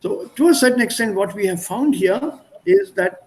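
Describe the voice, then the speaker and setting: An extremely high, creaky male voice with big pitch swings moves at a moderate pace through a low-quality video-call recording. He has an Indian accent and is teaching an online German class, clarifying words with strings of English synonyms.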